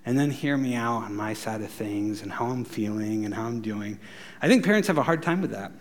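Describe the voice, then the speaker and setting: A middle-aged man preaching a sermon, animated, acting out quoted voices and laughing at his own jokes. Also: on the low side, fairly quick. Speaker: pastor.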